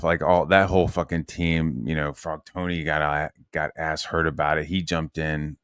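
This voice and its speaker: In a casual ranting monologue, a Virginia man who hosts a channel tells a long, agitated story laced with profanity, many fillers, and frequent restarts. The recording is dry with clean studio sound, carrying his low voice.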